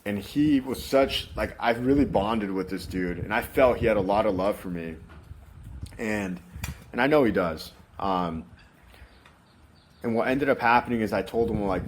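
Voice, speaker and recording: A man's voice: fairly low pitch, normal speed, a little hiss or hum. A man telling his story as an interview guest, frank and rambling, swearing freely as he goes.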